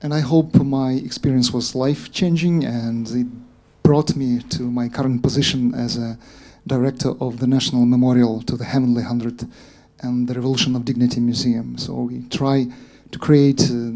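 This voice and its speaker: A man's voice: mid-range voice, a little mellow. A man who directs a museum, introducing himself in an earnest way. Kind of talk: self-introduction.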